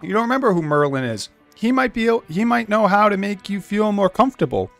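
Man hosting a let's play, chatty and animated, higher voice, faint game music behind. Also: fairly quick, gravelly. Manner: chatty, talks to game characters as buddy. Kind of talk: casual gameplay commentary.

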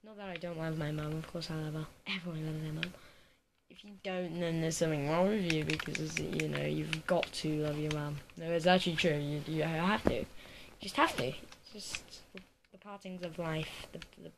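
A person giving rambling, giggly let's play commentary while playing at a home computer. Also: female voice, sits low, fairly even intonation, moderate pace, creaky. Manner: rambling, giggly, silly chatter. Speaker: gaming video creator. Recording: noisy recording with keyboard clicks.

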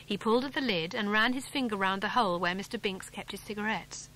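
A woman's voice: fairly bright tone, slight background noise. English woman reading a children's adventure story. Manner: voices the characters with small pitch lifts, clear and measured. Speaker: audiobook narrator. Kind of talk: scripted storybook narration.

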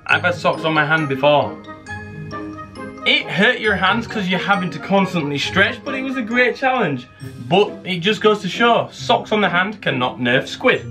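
A man, commentating live on his own gameplay and cheering when he wins. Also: on the high side. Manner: excitable, counting aloud, cheering wins. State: out of breath. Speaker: game streamer. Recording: game gunfire and music in background.

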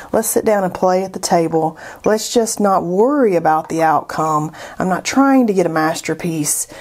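A woman with a Southern accent, chatting casually and thinking aloud as she hosts an art tutorial. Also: mid-range voice.

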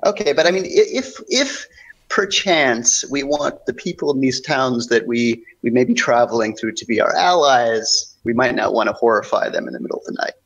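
A man's voice: mid-range voice, expressive, normal speed, fairly bright tone. A man playing in a tabletop game over voice chat, talking hesitantly with many restarts. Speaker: player. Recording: dull lo-fi online voice chat.

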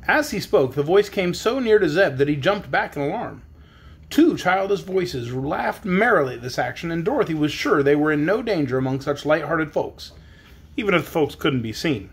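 A male audiobook narrator reading a children's story. His delivery is measured yet expressive, with a lively, wide-ranging pitch. His voice carries a soft, breathy grain.

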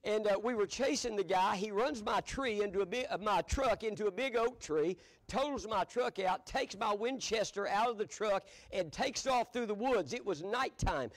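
An older man with a drawl preaches in a church, leaning into folksy storytelling. His voice sits high for a man, and he chuckles easily between lines. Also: moderate pace, hardly any pauses. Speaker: pastor. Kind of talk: storytelling sermon. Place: church sanctuary.

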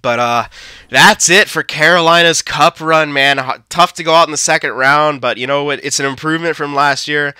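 A young man calls a hockey video game live, cursing freely and yelling at his team one moment, then mumbling glumly the next. His voice is bright and crisp, a touch high for a man, and the recording is dry and close. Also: normal speed, no room sound. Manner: swears a lot, swings from shouting to deflated muttering. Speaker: gaming commentator. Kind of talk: live gameplay commentary.

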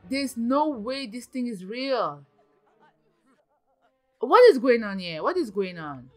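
A young woman giving casual, excitable commentary while playing a video game, gasping and exclaiming often. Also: a little high, unhurried, long pauses. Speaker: gaming channel host.

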